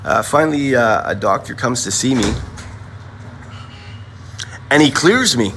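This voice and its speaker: A man's voice: medium pitch, animated, measured pace, noisy background. A man telling viewers a long personal story in casual, rambling, profane talk, acting out what others said. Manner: rambling, profane, acts out quoted voices.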